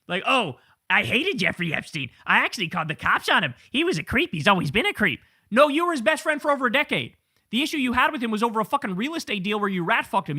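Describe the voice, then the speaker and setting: Bright, high-voiced profane male host. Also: dry recording, clean studio sound. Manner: blunt, profane and incredulous. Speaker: political commentary host. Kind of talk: casual political commentary.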